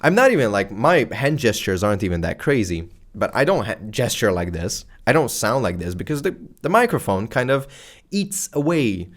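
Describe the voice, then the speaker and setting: Man, lively pitch swings, slangy and casual, pumped-up delivery, close mic. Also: moderate pace. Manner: animated and casual, slangy, exaggerated excitement. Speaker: YouTube creator teaching strategy. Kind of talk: energetic talking-head lesson. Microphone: close microphone facing camera.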